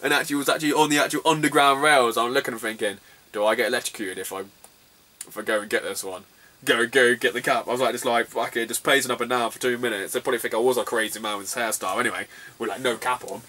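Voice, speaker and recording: A man's voice: medium pitch, fairly even intonation, fast, bright, forceful tone, distant mic. A young man from the southwest of England, telling a travel mishap story in casual vlog style, laughing often and swearing freely. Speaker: retro gaming vlogger.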